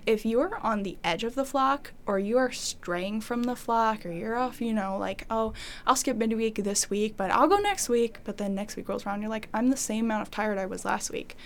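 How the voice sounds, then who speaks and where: A young woman with a somewhat high voice tells a personal story in a loose, conversational way. She rambles and leans on fillers, often slipping into her past self's thoughts as she talks. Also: moderate pace. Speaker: interviewee sharing her faith story. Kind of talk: casual testimony conversation.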